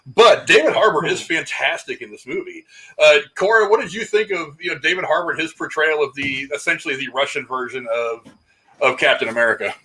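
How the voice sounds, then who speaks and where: Bright-voiced man hosting a rambling live stream. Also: fairly high pitch, a little fast, rough recording. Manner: energetic, rambling, laughs at own slip-ups. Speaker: podcast host. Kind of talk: casual live-stream chat.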